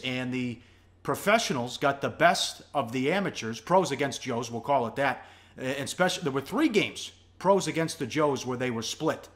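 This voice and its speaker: A man co-hosting a sports betting show, opening it with excitable, hyped-up energy. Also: mid-range voice.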